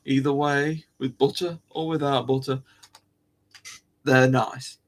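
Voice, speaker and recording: A man's voice: medium pitch, flat delivery, takes it slowly. A man hosting a live stream, rambling and musing aloud to his viewers in casual chat, coughing now and then.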